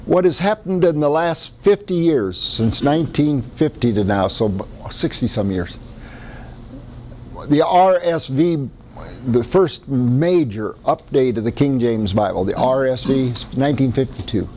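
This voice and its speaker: A man's voice: mid-range voice, lively intonation, a little slow, warm tone, slight background noise. A man with a Midwestern American accent preaching a sermon in a conversational, folksy way, often restarting his sentences. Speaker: pastor.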